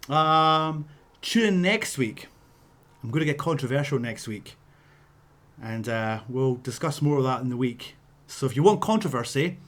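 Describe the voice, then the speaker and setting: Scottish man in his 30s, ex-wrestler host, lively yarn-spinner, voice sits a bit high. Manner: animated, laughing, punchy sound effects. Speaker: wrestler telling a story. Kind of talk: casual storytelling vlog.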